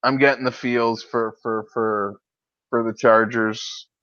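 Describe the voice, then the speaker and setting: A man co-hosting a casual sports talk show, agreeing often and chiming in quickly. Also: medium pitch, flat delivery, a bit bright, dry recording, highs cut off. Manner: agreeable, quick back-and-forth with many "yeah"s. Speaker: podcast co-host.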